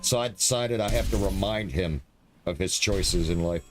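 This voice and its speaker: A man's voice: low voice, moderate pace, music in the background. A man from New York chatting casually and teasingly with a guest on a live game stream, easygoing and friendly. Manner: laid-back, friendly, teasing banter.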